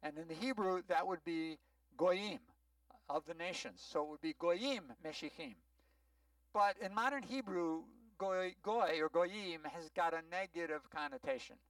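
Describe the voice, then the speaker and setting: A rabbi giving a sermon-style teaching, explaining words patiently and often checking whether the congregation follows. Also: male voice, sits high, unhurried, fairly bright tone, no room sound, recorded from a distance, rough recording. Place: synagogue sanctuary.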